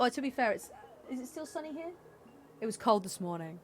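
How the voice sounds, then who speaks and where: A woman's voice: high voice, very animated, normal speed, soft background music. Brief: English streamer, a woman from the south, easygoing rambling chat over gameplay, laughs a lot. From England. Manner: chatty and rambling, laughs often. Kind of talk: casual gameplay commentary.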